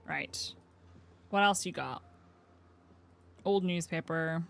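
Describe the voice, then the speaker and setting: A woman's voice: lowish voice, takes it slowly, vocal fry. Chatty woman streamer. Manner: chatty, talks to her game character, swears casually. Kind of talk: gameplay commentary.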